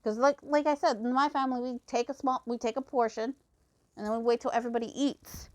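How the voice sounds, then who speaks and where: A woman's voice: on the high side, steady tone, quick pace. A young woman tells a story from her own life in a loose, casual rant. She swears constantly and gets heated as she talks. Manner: profane, heated ranting. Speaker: fan reader.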